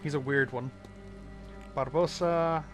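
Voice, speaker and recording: A man's voice: a little high, steady tone, slow pace, faint music behind. Man thinking aloud over a game. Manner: muttering, thinking aloud, swears. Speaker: streamer playing a detective game. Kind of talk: casual live-stream commentary.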